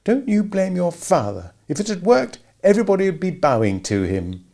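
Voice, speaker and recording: A man voicing a stern, earnest teenage girl in a novel, raising his pitch. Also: very animated, normal speed, vocal fry, mellow, exaggerated voice. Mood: scolding.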